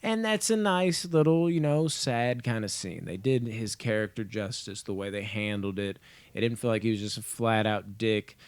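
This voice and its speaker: A man's voice: on the low side, normal speed, smooth, no room sound. A young man giving a casual spoken review of a TV episode, rambling and offhand, with frequent swearing. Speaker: movie and TV reviewer.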